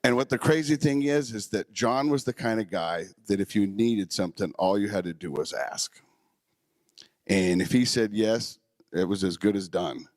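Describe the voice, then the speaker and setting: Man telling heartfelt stories, low dry voice. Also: moderate pace, no echo. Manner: emotional, warm storytelling with fillers. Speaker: memorial speaker. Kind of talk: heartfelt personal storytelling.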